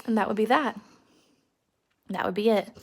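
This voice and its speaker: A woman's voice: mid-range voice, moderate pace, breathy edge. A woman teacher giving a casual, earnest recap of a novel chapter, emphatic and sprinkled with fillers. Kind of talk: casual literature lesson recap.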